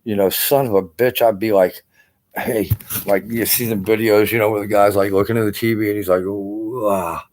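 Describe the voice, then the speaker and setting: Older male veteran, low and mellow, exhausted, rambling profane vlog chat. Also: steady tone, fast talker, hardly any pauses, a little hiss or hum. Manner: rambling, profane, full of "you know" fillers. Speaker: army veteran vlogger. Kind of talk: casual rambling vlog monologue. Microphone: camera.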